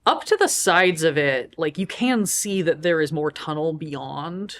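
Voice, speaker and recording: Game master, tabletop narration, rambling, lots of fillers, mid pitch. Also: animated, measured pace, fairly bright tone. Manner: loose, filler-heavy narration.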